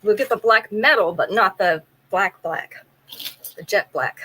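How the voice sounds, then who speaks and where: A woman's voice: mid-range voice, lively intonation, measured pace, pushed and bright, slight background noise, rough recording. A woman hosting a live jewelry sale, chatting casually, describing pieces in detail and running a trivia game with viewers.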